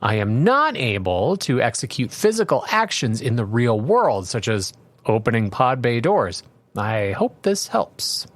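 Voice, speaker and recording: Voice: medium pitch, very animated, a little slow, dry recording. A voice playing a chipper rambling chatbot AI. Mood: explanatory. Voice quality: chipper, rambling, boilerplate helpfulness. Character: overly polite chatbot AI, cheerful and unhelpful. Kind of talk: comedic reading of chatbot replies.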